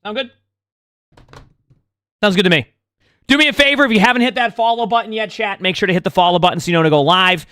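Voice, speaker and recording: A man's voice: high voice, fast talker, pauses often, pushed and bright, dry recording. A man streaming live, rambling casually and talking to his chat. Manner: rambling, chatty, talks to chat.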